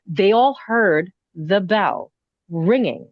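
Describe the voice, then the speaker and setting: A woman with a medium-pitched voice and lively intonation speaks slowly, with no echo, in dull, dry lo-fi audio. An inn owner appearing as a podcast guest, she tells a personal ghost story breathlessly and ramblingly, full of "like" and "you know."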